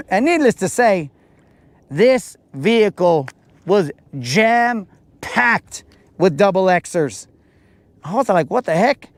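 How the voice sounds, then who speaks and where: A man's voice: sits high, big pitch swings, takes it slowly, long pauses, dry recording. A man hosting a podcast, telling a story in a casual, slangy, laid-back way. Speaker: podcast host.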